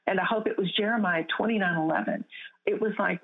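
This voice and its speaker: A woman's voice: medium pitch, quick pace, vocal fry. A woman guest telling a faith testimony in an interview, speaking earnestly with frequent restarts. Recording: tinny phone-line sound.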